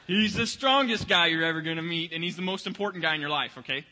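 A man's voice: fairly high pitch, fast talker, pushed and bright, slight background noise. A young man preaching a sermon in a church, talking conversationally and often repeating words as he finds his place. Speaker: pastor. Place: church sanctuary. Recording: long reverb of a large hall.

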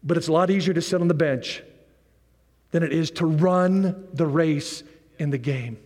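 Animated preacher man in a reverberant hall. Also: on the high side, moderate pace. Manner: animated preaching with repetition and joking asides. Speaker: pastor. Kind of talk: sermon. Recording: long reverb of a large hall.

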